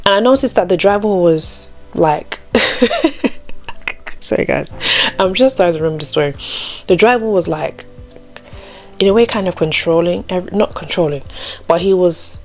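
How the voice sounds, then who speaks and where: A young woman with a slightly low voice tells a personal faith story in a relaxed, chatty way. Her talk is full of "like" and "you know", and she lifts her voice when she acts out what others said. Faint music plays softly behind her. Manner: acts out quoted people with a raised voice. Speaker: Christian storytime vlogger.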